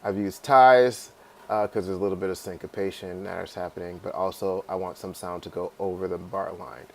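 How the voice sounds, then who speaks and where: A man teaching a class how to add lyrics in notation software, talking casually with fillers and checking in with "right?". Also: deep voice, fairly even intonation, brisk, vocal fry, slight background noise. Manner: casual, repeats "right?" and fillers, sings melody snippets. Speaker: music teacher. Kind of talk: screen-recorded software tutorial.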